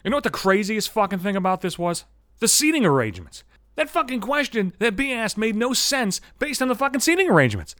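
A man in his thirties spins a foul-mouthed comic story, his voice leaping all over the place as he works himself into a rant. His voice sits a bit high for a man. The sound is close and dry, with no room around it. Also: sing-song, brisk, fairly bright tone, dry recording. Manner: swears constantly, gets worked up and ranting. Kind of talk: profane comic storytelling monologue.

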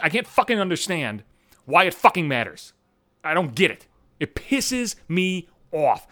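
A man rants on his home podcast in a fairly high voice that swings wildly up and down. He swears constantly and trips over his own restarts as he gets worked up. The sound is close and dry. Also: bright, forceful tone, dry recording. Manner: profane, heated ranting with stammered restarts. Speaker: podcast host. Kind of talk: solo comedic rant podcast.

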